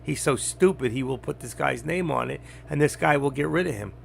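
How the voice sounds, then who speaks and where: An older man talking bluntly and rambling on a trading live stream, getting louder as he teaches. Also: medium pitch, fairly quick, creaky, a little hiss or hum. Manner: blunt, rambling, gets loud when teaching. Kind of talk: casual live-stream talk.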